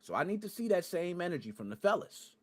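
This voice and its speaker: A young man hosts a podcast and rants to his live chat in slangy, profane talk. His high voice leaps up to near-shouts and then drops to low mutters. His delivery is lively and keeps swinging in pitch and force. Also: fast talker. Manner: animated, swings from loud outbursts to low muttered asides. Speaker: podcast host. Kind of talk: casual ranting commentary to a live chat.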